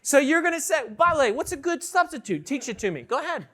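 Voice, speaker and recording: A man giving an energetic conference keynote, often asking the audience questions. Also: very high voice, fast talker. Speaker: keynote speaker. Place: large conference hall with an audience.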